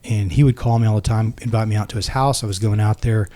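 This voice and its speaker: A middle-aged man, a former Navy SEAL, telling stories casually and acting out the quoted lines in a lively way. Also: fairly low pitch, fast. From United States. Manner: animated, acts out quoted dialogue. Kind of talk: casual storytelling.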